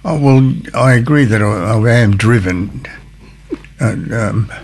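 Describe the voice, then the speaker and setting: Casting: man, jazz bandleader, husky voice, interview guest, hesitant delivery. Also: fairly low pitch, a little mellow. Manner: halting, many restarts. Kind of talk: interview conversation.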